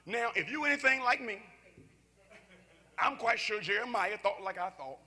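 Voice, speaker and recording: A man pastor preaching a sermon at a church service, impassioned and often shouting, with asides to the congregation. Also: very high-pitched, big pitch swings, unhurried, long pauses, breathy edge. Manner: talks to congregation directly, conversational asides.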